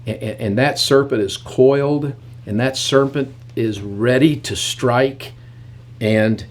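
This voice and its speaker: A man preaching a sermon in animated storytelling, acting out the characters as he goes. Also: medium pitch, slow.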